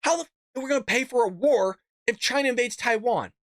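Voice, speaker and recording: A man's voice: very high voice, fast talker, fairly bright tone, no room sound, studio quality. A man hosting a live political commentary show, ranting in a heated, exasperated way with frequent restarts.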